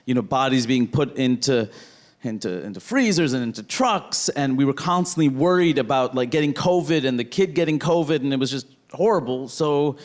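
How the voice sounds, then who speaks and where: A man's voice: medium pitch, moderate pace. A man performing a stand-up set in a rambling way, tagging lines with "right?" and bursting into outrage, on a handheld stage mic. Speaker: stand-up comedian. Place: comedy stage with audience.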